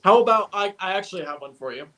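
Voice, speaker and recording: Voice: medium pitch, expressive, heavy background noise. A guest from the United States joking around in a casual livestream chat. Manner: laughing, slow drawling banter.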